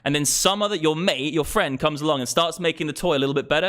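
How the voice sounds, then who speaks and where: Speaking very fast with hardly a pause, this crypto livestream host has a high-leaning, fairly bright male voice. He curses his way through a heated political rant, getting worked up into his streaming mic.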